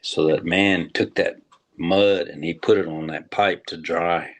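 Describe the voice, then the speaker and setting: An older man, a tribal historian, telling a legend slowly and deliberately to an audience, with pauses. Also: low-pitched, fairly even intonation. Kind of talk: storytelling talk.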